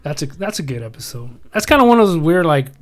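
Chatty higher-voiced man. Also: very animated, quick pace. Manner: rambling, self-interrupting. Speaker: podcast co-host. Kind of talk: casual chat.

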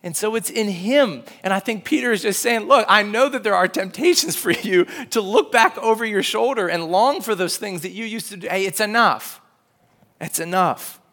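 A man's voice: high voice, moderate pace, fairly bright tone. A man in his thirties preaching a conversational sermon, acting out quoted voices with lots of fillers. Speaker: pastor.

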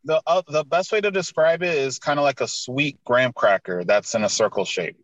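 A man's voice: medium pitch, fairly quick, a bit bright, no room sound. A young man in casual chat, laid-back and swearing, with lots of "like" and "dude.". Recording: dull lo-fi dry sound.

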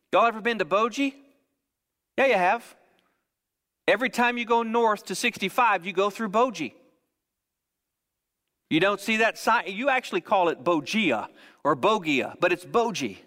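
A high-pitched man preaches in a casual, chatty way and keeps asking his listeners "right?" His voice rings out with the long echo of a church hall. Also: fairly bright tone. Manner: conversational preaching with frequent "right?" asides. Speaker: pastor. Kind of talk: sermon.

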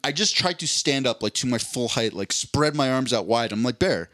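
A man's voice: mid-range voice, normal speed, a bit bright, dry recording, studio quality. A man co-hosting a podcast who tells a long story in casual, profane chat and acts out voices as he goes. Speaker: podcast co-host.

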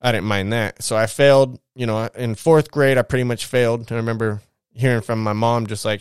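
A young man tells a personal story, candid and profane, and he gets lively when he quotes people. His voice is smooth and resonant, recorded close and dry. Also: mid-range voice, brisk, dry recording. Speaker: vlogger.

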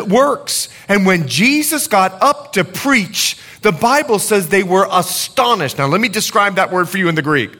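A man preaching a sermon, animated, with jokes and asides to the congregation. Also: high-pitched. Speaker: pastor.

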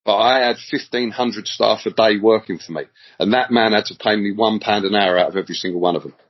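On the low side and slightly rough, this middle-aged Englishman talks at a quick pace with fairly even intonation. As a podcast guest in a casual storytelling interview, he rambles in slang and repeats words often; the lo-fi recording sounds dull.

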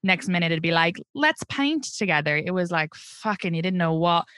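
Irish woman in her thirties, bright lowish voice, dry close sound, chatty and candid. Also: level tone, a little fast, clean tone, no room sound. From Ireland. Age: 30s. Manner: candid, chatty, laughs often. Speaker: comedian guest. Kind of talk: casual interview chat.

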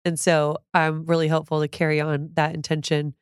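Lady guest on a podcast, kinda low voice, earnest and chatty, dead dry sound. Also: monotone, fairly quick, clean tone, no room sound. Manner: warm, earnest, gets emotional at times. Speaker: podcast guest, food creator. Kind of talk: conversational interview.

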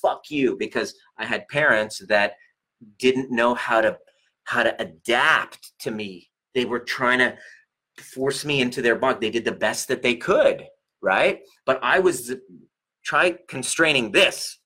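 Husky-voiced man, bright and animated. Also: mid-range voice, a little slow. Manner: profane, animated, laughs often. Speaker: relationship coach and chiropractor. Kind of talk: casual monologue to viewers.

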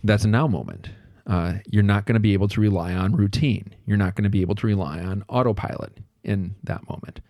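In clean studio sound with no echo, a man hosting a podcast explains ideas on his own in a relaxed, conversational way. He thinks aloud using fillers and invented examples, briefly acting out snippets of dialogue. He speaks briskly at a fairly low pitch with a darkish tone.

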